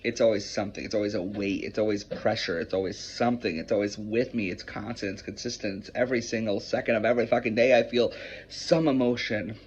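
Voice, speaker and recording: Low-voiced man in an emotional, rambling vlog. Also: steady tone, fast talker. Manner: emotional, rambling, frequent swearing. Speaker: vlogger. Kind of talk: personal confessional vlog. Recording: muffled with faint hiss.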